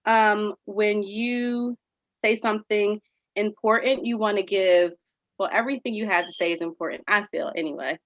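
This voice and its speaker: An upbeat woman teaches children in a virtual after-school lesson, with lively delivery and a mid-range voice. The recording is slightly dull and dry, with no room echo. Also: mid-range voice, moderate pace. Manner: upbeat, animated, reads passages aloud.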